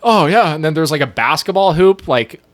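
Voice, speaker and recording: A man co-hosting a movie podcast in casual chat, excitable and profane, rambling with many fillers. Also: on the high side, brisk. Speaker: podcast co-host.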